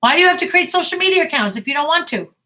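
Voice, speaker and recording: A woman's voice: extremely high pitch, expressive, rapid-fire, sharp tone. A middle-aged woman acting coach answering viewer questions in a blunt, emphatic way, often repeating herself.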